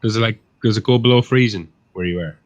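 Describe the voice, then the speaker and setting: Fast-talking, low-voiced swearing man. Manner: swears freely, blunt opinions. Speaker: panel chat host. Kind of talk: casual live panel chat. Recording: dull lo-fi audio with faint noise.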